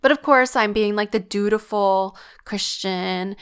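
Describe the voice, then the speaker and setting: A woman's voice: medium pitch, unhurried, clear, resonant tone. A worn-out, stressed woman talking earnestly and confidingly about her struggles in a personal vlog.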